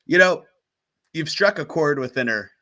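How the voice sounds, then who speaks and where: A man's voice: a little high, lively intonation, moderate pace, sharp tone. A man narrating as game master of a tabletop game, chatty and laughing often as he talks.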